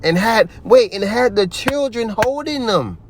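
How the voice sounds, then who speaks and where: A man's voice: sits high, animated, a little slow, a little hiss or hum. A man giving heated religious commentary, ranting in a profane, preachy way.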